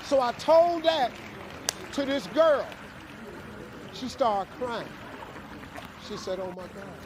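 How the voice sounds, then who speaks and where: A man's voice: extremely high pitch, expressive, takes it slowly, noisy background. A middle-aged man telling a folksy, emphatic, preacher-like story to a live audience as a motivational speaker.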